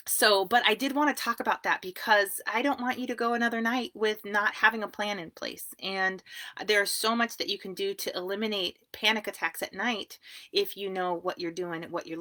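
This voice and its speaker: Woman therapist, casual live talk, lowish pitch, bright forceful tone, chatty, small closet. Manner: chatty, laughs easily, warm asides. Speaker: therapist and wellness coach.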